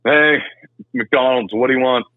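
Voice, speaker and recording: A man's voice: mid-range voice, unhurried, no room sound, close to an everyday voice. A man playing a blunt, dismissive male worker taking a phone order, over a tinny remote line. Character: blunt bored male burger-joint worker.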